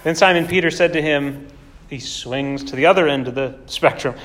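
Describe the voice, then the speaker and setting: A man's voice: a little high, moderate pace, a bit bright. A man preaching a sermon in a conversational way, often asking rhetorical questions. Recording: long hall reverb.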